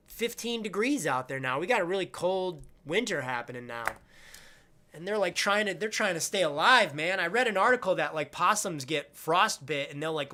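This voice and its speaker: Young male streamer, bright edgy voice, rambly crude humor, casual. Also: a little high. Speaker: live-stream host. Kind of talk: casual live-stream chat.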